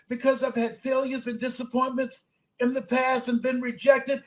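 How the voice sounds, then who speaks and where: An older man in his seventies delivers a motivational speech in a strikingly high voice. He hammers his points with repeated phrases, dropping low and soft, then climbing to emphatic shouts. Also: monotone, normal speed, low-quality recording. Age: 70s. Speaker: motivational speaker.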